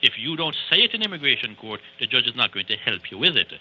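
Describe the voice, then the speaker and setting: This man speaks as an attorney on a call-in show, laying out his points with emphatic repetition. His voice is piercingly bright and edgy, sitting at a middle pitch for a man. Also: big pitch swings, fast, breathy edge, highs cut off. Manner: emphatic, lecturing, repeats for stress. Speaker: immigration attorney guest. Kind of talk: call-in radio advice.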